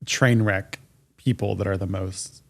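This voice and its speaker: A man telling gossip slowly in casual chat on a podcast, halting and full of fillers. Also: sits low, fairly even intonation, creaky. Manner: slow, halting storytelling with many fillers.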